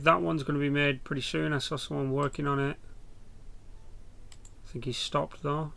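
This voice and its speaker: A man's voice: a little high, creaky, a bit bright. A young British man rambling through casual, sweary game commentary as a channel host. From Britain.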